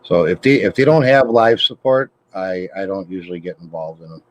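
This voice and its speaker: A man's voice: low voice, fairly quick. A man chatting casually as a co-host, telling laid-back stories with a laugh. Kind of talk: casual chat. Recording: dull lo-fi sound.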